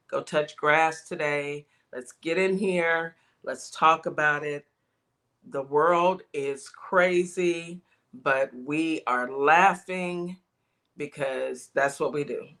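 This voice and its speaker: Older woman, radio morning host, bright voice, upbeat casual chat. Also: sits low, takes it slowly.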